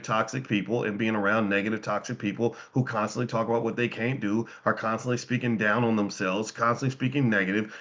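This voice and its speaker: A man's voice: mid-range voice, a bit bright. Male host, mid-range voice, emphatic motivational monologue with rhetorical questions and frequent restarts; slightly muffled lo-fi audio. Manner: repeats and restarts words. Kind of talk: casual motivational commentary.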